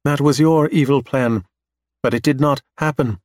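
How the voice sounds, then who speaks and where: A man's voice: mid-range voice, steady tone, normal speed, darkish tone, no echo, lightly acted. A man voicing a trapped male scientist speaking urgently from a lump of scrap metal, in a dry recording. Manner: urgent, pleading.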